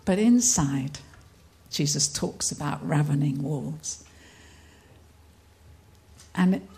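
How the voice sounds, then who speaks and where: Slow-spoken older woman giving a testimony. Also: mid-range voice. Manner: earnest storytelling, breaks into laughter. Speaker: conference speaker. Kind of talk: testimony talk.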